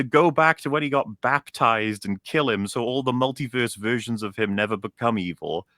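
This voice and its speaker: Young male critic, low voice with a bright, forceful edge, dry close sound, swearing through an animated rant. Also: normal speed, few pauses, no room sound. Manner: animated, profane, mocks characters in put-on voices. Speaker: stream guest. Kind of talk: ranting game critique on a stream.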